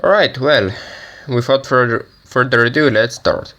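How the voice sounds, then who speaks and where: A man's voice: medium pitch, normal speed, sharp tone. A man hosting a casual game playthrough with a groggy morning voice, who rambles hesitantly and reads the game's story text aloud. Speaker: gaming channel host. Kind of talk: casual let's-play commentary, reading game text aloud.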